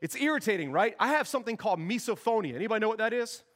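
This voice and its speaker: A man in his forties preaches with a fairly high voice, and his words ring out with the long reverb of a large hall. He jokes through his sermon like a youth pastor, slipping into little acted-out conversations. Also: expressive, very fast, a bit bright. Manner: joking, storytelling, acts out dialogue.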